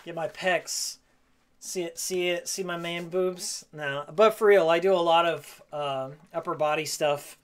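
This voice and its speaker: Hoarse, rambling male streamer. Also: fairly high pitch, fairly even intonation, a little slow, slight background noise. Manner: rambling, jokey, repeats his own phrases. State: hoarse, losing his voice. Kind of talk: casual live-stream chat while cleaning. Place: game room at home, indoors.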